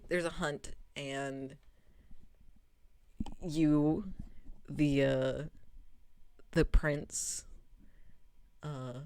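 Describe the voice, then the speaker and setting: Lower-voiced woman rambling about a game. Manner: rambling, animated, swears freely, laughs often. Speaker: streamer. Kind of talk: casual game recap chat.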